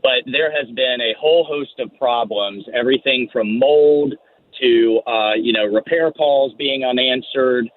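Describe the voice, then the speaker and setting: A man speaking as a congressman guest on a radio show, firm and steady in his talking points. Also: mid-range voice, a little slow, no room sound. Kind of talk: phone-in radio interview. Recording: tinny phone line.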